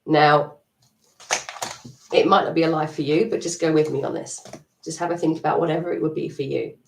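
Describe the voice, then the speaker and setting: A woman's voice: low voice, steady tone, brisk, gravelly, noisy background. A middle-aged woman coaching a live EFT tapping session, chatty and encouraging, laughing at herself. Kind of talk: live-stream coaching talk. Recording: echoey room, distant mic.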